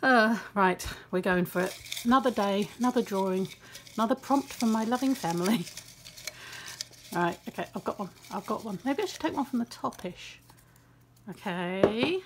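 A woman's voice: medium pitch, animated, normal speed, slight background noise. A young woman, talking casually and self-critically over her drawing, with many restarts and asides. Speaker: art vlogger.

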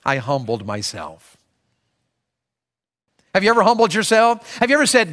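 Emphatic high-voiced man preaching. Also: very animated, moderate pace, long pauses, fairly bright tone, big-room sound. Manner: emphatic, acts out prayers in a raised voice. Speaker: pastor. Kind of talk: sermon. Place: large church sanctuary.

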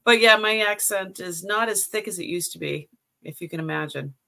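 A woman's voice: medium pitch, normal speed, gravelly, pushed and bright. A middle-aged woman with a Boston accent hosting a live jewelry sale, chatting casually and a bit scattered, trailing off and greeting viewers by name. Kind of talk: casual live-stream chat.

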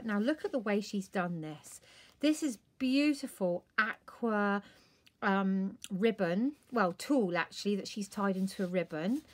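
Gushing woman crafter, fairly high voice. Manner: gushing, exclaims often with delight. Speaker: crafting vlogger. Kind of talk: casual chat to camera.

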